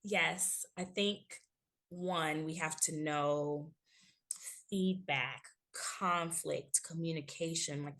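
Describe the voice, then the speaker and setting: Woman, thirties, interview guest; lowish voice, animated, laughs often, builds her points in repeated phrases. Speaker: guest, workplace HR consultant and trainer. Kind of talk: conversational interview answer.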